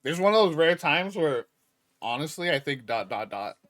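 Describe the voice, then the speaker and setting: A man's voice: a little high, sing-song, moderate pace, a bit bright. A man co-playing a story game on stream, chatting casually and animatedly. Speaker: guest co-player. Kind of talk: casual gameplay chat.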